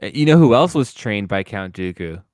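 A man hosting a casual podcast, relaxed as he steers the talk through listener picks. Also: fairly low pitch, moderate pace, no room sound, studio quality. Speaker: podcast host. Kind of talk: casual fan discussion.

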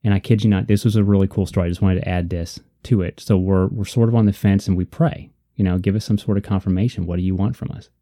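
A man with a low, deeply mellow voice talks through his faith in a casual discussion. He is earnest and reflective, circling back to repeat key points for emphasis. The sound is dry and close. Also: fairly even intonation, fast talker, few pauses, no room sound. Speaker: podcast co-host.

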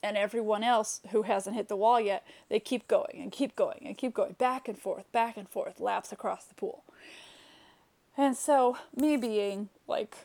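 A woman's voice: mid-range voice, steady tone, moderate pace, hardly any pauses, darkish tone. A woman telling a personal story straight to camera, candid and reflective, with frequent fillers and restarts. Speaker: vlogger.

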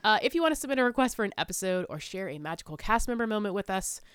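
A woman's voice: medium pitch, lively intonation, very fast, smooth, no room sound, studio quality. A woman co-hosting a podcast in casual chat, talkative, with lots of fillers and laughter. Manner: chatty, laughs often, many fillers. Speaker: podcast co-host.

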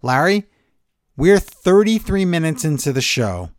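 A man co-hosting a wrestling podcast, recapping shows in a sarcastic, animated way and acting out what the wrestlers said. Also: fairly high pitch, measured pace, no echo, studio quality. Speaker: podcast co-host. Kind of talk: casual wrestling recap chat.

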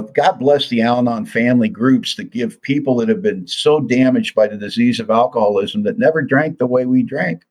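Older man, husky voice, sincere and reflective; personal testimony talk. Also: medium pitch, low-quality recording. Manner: earnest, confessional, reflective. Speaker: recovery speaker.

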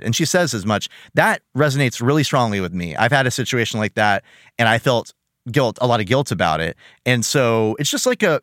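Enthusiastic male podcast host, lively delivery, close dry mic. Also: no echo. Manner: enthusiastic, animated, acts out quotes in high voices. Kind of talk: casual chat reviewing a cartoon.

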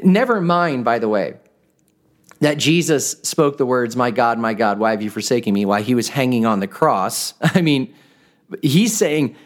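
A man's voice: mid-range voice, animated, moderate pace. A man hosting a reflective podcast, speaking earnestly and often stumbling on the first word of a phrase. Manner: earnest, stammers on starts of phrases. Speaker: podcast host. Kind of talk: reflective spoken podcast talk.

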